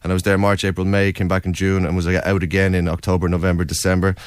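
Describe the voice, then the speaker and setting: A man's voice: deep voice, flat delivery, fast, clean tone, no echo. A young Irish man, a documentary filmmaker, earnestly recounting his experiences in an interview with many fillers. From Ireland, County Wicklow. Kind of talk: interview storytelling.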